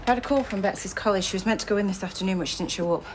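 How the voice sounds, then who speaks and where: An actress playing a worried police detective and mother, talking fast and sharply in a TV soap drama. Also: mid-range voice, natural voice. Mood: alarmed. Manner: clipped, alarmed, demanding. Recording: noisy TV drama audio.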